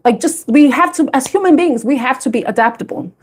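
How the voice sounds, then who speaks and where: A woman tarot reader chatting casually to her viewers, animated and laughing often, with frequent swearing. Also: sits high, a little fast, slightly rough. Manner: animated storytelling.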